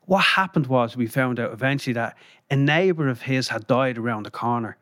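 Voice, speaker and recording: A man's voice: medium pitch, a little fast, a bit bright, dry recording, clean studio sound. Irish man telling rambling stories. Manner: rambling, lots of "you know" and "um", chuckles while telling stories. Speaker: guest, former band crew member. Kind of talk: casual anecdotal storytelling. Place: podcast studio.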